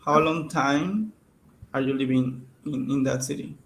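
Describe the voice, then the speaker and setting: A man's voice: medium pitch, unhurried, a bit bright, a little hiss or hum. A man practicing English on a video call, hesitant, searching for words and asking for corrections. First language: Spanish. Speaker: English student. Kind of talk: conversation practice lesson.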